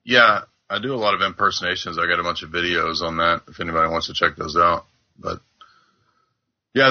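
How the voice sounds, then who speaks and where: A man's voice: low-pitched, bright, forceful tone, dry recording. A man, a guest comedian, chatting in a playful, joking way. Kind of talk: casual chat. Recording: dull lo-fi sound.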